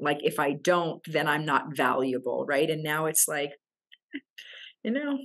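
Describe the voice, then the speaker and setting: A woman leadership coach, a guest in a casual interview, who tells stories animatedly, often repeats words as she thinks, and laughs between thoughts. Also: lowish voice.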